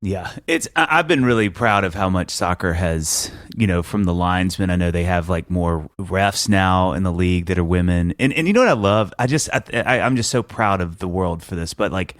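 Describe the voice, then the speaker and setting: A man's voice: sits low, lively intonation, a little fast, few pauses, no echo, clean studio sound. A middle-aged man hosting a podcast, talking enthusiastically and rambling with stammered restarts. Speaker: podcast host. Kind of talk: casual podcast chat and ad read.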